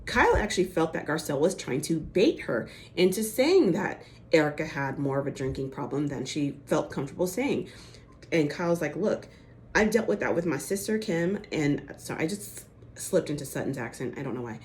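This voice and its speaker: A woman's voice: deep voice, lively intonation, fairly quick, a little hiss or hum. A woman giving a casual, chatty recap of a TV episode, full of "like" and "you know" and acting out the quotes. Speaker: reality TV recap host.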